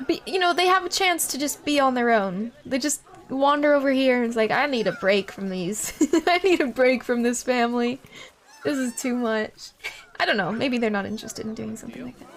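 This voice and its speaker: A woman streaming a game live, chatting casually, gushing and giggling over cute things and thanking viewers by name. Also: high voice. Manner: gushing, giggly, easily delighted. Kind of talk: casual live-stream chat while playing.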